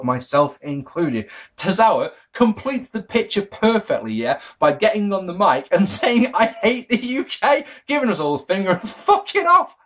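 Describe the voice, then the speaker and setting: Brief: male reviewer, excitable and self-correcting, animated pitch. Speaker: video reviewer. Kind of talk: casual wrestling DVD review.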